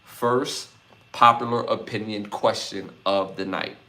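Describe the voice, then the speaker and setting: Man, podcast host, lowish voice, bright forceful tone, chatty shout-outs to chat. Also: steady tone, unhurried. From Brooklyn, New York. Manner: hypes and reads chat comments, repeats lists twice. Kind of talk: casual live-stream podcast chat.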